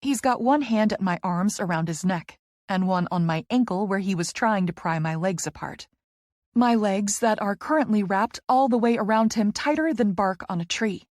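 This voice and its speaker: A woman narrating a first-person romance audiobook, expressive, moving between soft narration and heated dialogue. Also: medium pitch, moderate pace, no room sound, clean studio sound.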